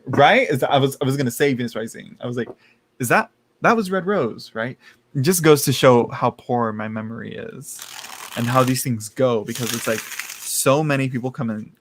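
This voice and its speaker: Campy chatty man reading tarot live. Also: mid-range voice. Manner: chatty, campy, laughs often, addresses viewers as girl. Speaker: tarot reader. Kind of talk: live-stream tarot chat.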